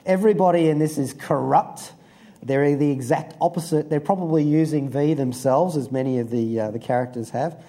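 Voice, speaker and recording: A man's voice: on the high side, normal speed, dark tone. A man giving an amused, rambling review in a casual chat, full of fillers and asides.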